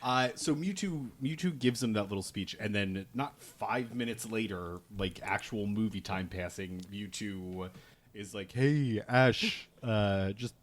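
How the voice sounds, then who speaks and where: A man co-hosts a comedy podcast, recapping in a dry, wry manner. His voice is of average pitch and plain. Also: unhurried. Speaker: podcast co-host.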